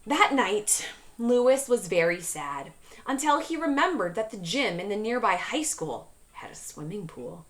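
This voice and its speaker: A woman teacher reading a storybook aloud to a class, pausing to ask questions. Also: medium pitch. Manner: questioning, expressive.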